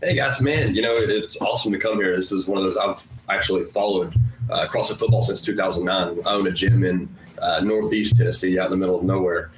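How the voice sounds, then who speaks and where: A male podcast guest who talks quickly in a friendly, self-deprecating way with plenty of fillers. His voice is very low. He sits a little back from the mic in an echoey room, with faint noise underneath. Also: fairly even intonation, recorded from a distance. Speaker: podcast guest, gym owner. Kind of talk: casual podcast interview.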